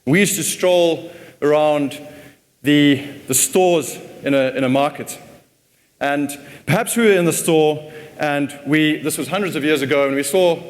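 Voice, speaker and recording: A man's voice: fairly high pitch, unhurried. A man giving a casual conference talk, often repeating words as he thinks. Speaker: conference speaker. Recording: long hall reverb.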